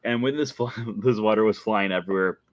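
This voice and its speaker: A man hosting a casual vlog, telling an excited story and breaking into laughter again and again. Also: lowish voice, a little fast, dry recording. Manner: giggly, keeps breaking into laughter. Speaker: show host.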